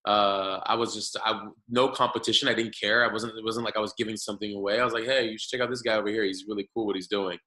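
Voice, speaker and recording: A man's voice: on the low side, steady tone, fast talker, few pauses, bright, forceful tone, rough recording. A man in his thirties, a podcast guest, telling his story in a loose, rambling way with many fillers and restarts. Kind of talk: casual storytelling interview.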